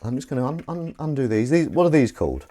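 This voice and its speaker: A man's voice: medium pitch, very animated, quick pace, warm tone. A man hosting a casual live stream, rambling and self-mocking as he tries out a gadget. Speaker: livestream host. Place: outdoors in wind.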